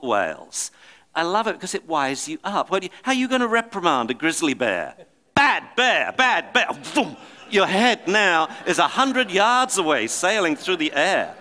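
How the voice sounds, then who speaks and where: Bright-voiced man telling stories. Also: sits high, normal speed. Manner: animated, acts out the voices of the people and dogs in his stories. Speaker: speaker giving a public talk. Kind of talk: storytelling talk to an audience.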